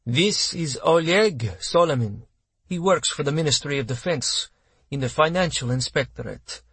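A man's voice: fairly high pitch, normal speed, a bit bright, husky, no echo. A man reading an audiobook, voicing a cold, commanding female army colonel with a clipped, hard and contemptuous manner. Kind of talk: audiobook character voice.

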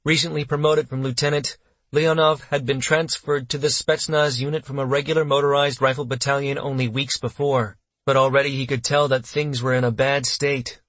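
A man reading an audiobook in steady, measured scripted narration, close to the mic. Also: medium pitch, no echo.

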